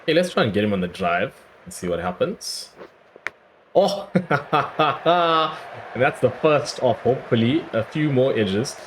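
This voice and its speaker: A man with a hoarse, worn-out voice giving chatty play-by-play commentary on his own cricket video game, breaking into excited cries at big moments. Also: medium pitch, measured pace, a little hiss or hum. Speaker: gaming YouTuber. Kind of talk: casual play-by-play gameplay commentary.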